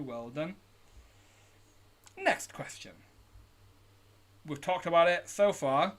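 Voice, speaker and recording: A man's voice: a little high, a bit bright. A British man hosting a live online pub quiz, upbeat as he reads out questions, answer options and team names. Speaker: quiz host. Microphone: home streaming setup.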